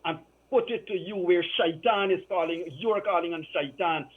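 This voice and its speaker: A man's voice: high voice, moderate pace. Impassioned man on a phone line. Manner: emphatic, repeats phrases for emphasis. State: emotional. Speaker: political commentator. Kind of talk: impassioned political talk.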